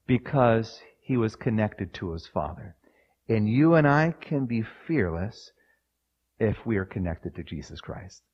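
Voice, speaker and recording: A man preaching a sermon, moving from quiet personal storytelling to loud, dramatic scripture readings. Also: on the low side, slightly rough, dull audio.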